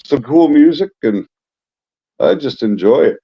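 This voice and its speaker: A man's voice: medium pitch, lively intonation, a little slow, breathy edge. Chatty middle-aged man, muffled sound. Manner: chatty, tells long anecdotes. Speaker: co-host. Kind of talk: casual chat. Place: apartment at home.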